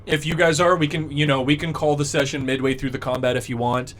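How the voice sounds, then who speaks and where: A man's voice: a little high, level tone, fast, a bit bright, slight background noise. A man running a tabletop game as dungeon master, patiently explaining the rules and narrating the scene, with many fillers along the way.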